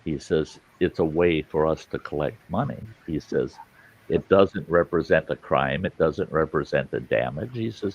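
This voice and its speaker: A man telling a story in casual chat, animated, cursing casually. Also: extremely low pitch, normal speed, dull audio, slight background noise.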